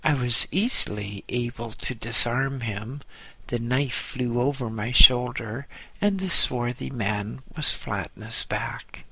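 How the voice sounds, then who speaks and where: A man reads his own story aloud in a measured, deliberate way, taking his time over each phrase. His voice is bright and forceful. The recording is dry and close. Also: medium pitch, creaky, slightly rough, dry recording, rough recording. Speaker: narrator. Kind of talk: first-person memoir audiobook narration.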